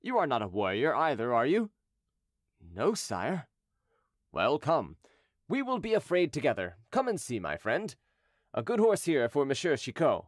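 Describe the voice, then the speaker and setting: A man's voice: mid-range voice, huge pitch swings, moderate pace, long pauses, dry recording, studio quality. A man voicing a brave king who trembles yet charges into battle, crying out commands and oaths. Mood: commanding. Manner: cries out commands, swears oaths. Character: king Henry of Navarre, brave but trembling.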